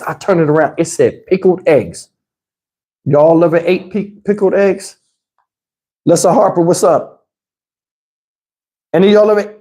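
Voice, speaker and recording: A middle-aged livestream host tells his chat an animated, profane story, swinging into high voices to mimic other people.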